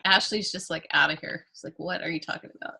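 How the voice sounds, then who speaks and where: A woman from Texas, working as an art class instructor, leads a group art workshop and guided meditation in an indoor classroom, upbeat and encouraging and often laughing. Her lowish voice is quick, creaky, bright, forceful and slightly rough, and the recording is rough.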